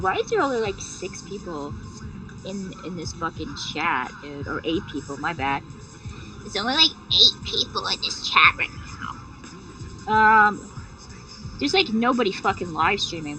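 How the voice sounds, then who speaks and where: A woman's voice: medium pitch, animated, unhurried. Sick woman rambling on stream. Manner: rambling, profane, many fillers. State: sick, sore throat. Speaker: game streamer. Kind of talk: casual live-stream chat. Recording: distant mic with music.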